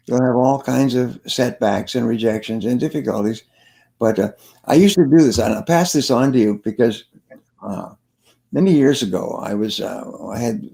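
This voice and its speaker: A man's voice: medium pitch, vocal fry, warm tone. An older man, a sales trainer being interviewed, telling stories and giving advice in an earnest way, repeating key phrases for emphasis. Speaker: sales trainer and guest speaker.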